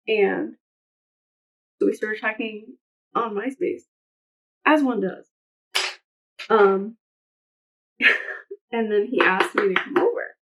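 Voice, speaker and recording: A young woman chatting casually through a makeup tutorial, rambling into side stories with lots of fillers. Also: a little high. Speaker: beauty vlogger. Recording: slightly dull lo-fi sound.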